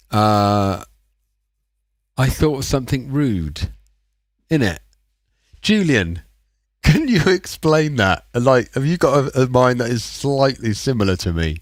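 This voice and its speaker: A man's voice: medium pitch, sing-song, measured pace, long pauses, no echo, clean studio sound. A man, rambling and chatting casually while making music on a livestream. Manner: rambling, chatty and self-mocking. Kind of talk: casual live-stream chat.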